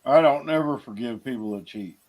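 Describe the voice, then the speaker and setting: A man's voice: mid-range voice, fairly quick, highs cut off. A plainspoken man chatting casually on a live stream. He tells his stories bluntly and without fuss, in an ordinary mid-range voice. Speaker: livestream host. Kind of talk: casual chat.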